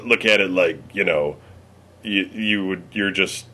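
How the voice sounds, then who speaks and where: Man, low voice, casual chat, rambling, halting, lots of fillers. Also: bright, forceful tone. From Cleveland area, United States. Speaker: conversation partner.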